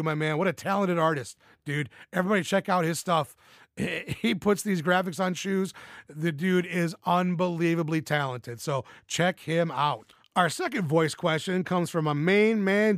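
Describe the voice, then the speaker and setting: Casual male podcast host, slightly high voice, cursing freely, dry close sound. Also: moderate pace, no echo. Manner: profane, blunt, enthusiastic.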